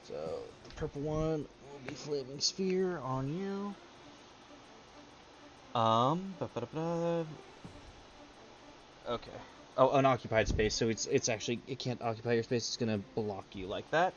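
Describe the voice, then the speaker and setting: A man running a tabletop role-playing game as game master, easygoing and quick with asides, laughing often. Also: medium pitch. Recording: dull lo-fi stream audio with faint noise.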